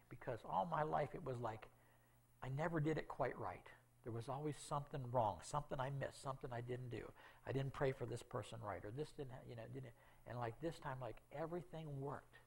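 A middle-aged man shares a heartfelt missionary testimony from the pulpit. His voice has a gravelly edge, and he keeps checking in with the congregation as he tells the story. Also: mid-range voice, a little fast. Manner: emotional storytelling with frequent "okay?" asides. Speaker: missionary speaker. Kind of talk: testimony in a church talk.

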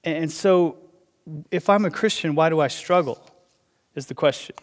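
A man preaching a sermon as pastor, talking conversationally with quick asides and restarts. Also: on the high side. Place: church auditorium. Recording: long hall reverb.

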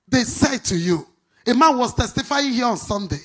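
A woman's voice: fairly high pitch, animated. A Nigerian woman pastor preaches with a lilting, sing-song delivery, stretching out the words she stresses. She keeps tossing questions to the congregation and waits for them to call back the answers. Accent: Nigerian English. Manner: emphatic, drawn-out stressed words. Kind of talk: preaching sermon with call-and-response.

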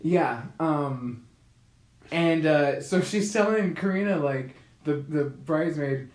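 A man's voice: a little high, slow pace, roomy sound. A man co-hosting a podcast, telling stories in casual chat with frequent swearing and laughs. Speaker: podcast co-host. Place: Korea.

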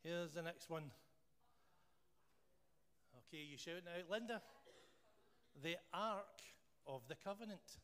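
This church leader has a Scottish accent and a high-pitched, clear, resonant voice, speaking slowly with frequent pauses. He prays, then turns to a playful quiz for the congregation, joking and engaging the room. The church hall adds long reverb, and there's faint background noise.

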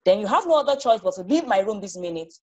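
A bossy, teasing big brother, as a woman puts him on, curt and smug as he orders his sister out of his room. Read aloud in a lively storybook manner. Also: medium pitch, quick pace, lo-fi sound, close to an everyday voice.

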